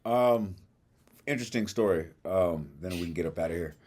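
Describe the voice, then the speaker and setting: A man with a very deep voice tells a story in a loose, casual way on a podcast. He acts out what other people said and swears freely as he goes. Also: normal speed, a little mellow. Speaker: podcast co-host.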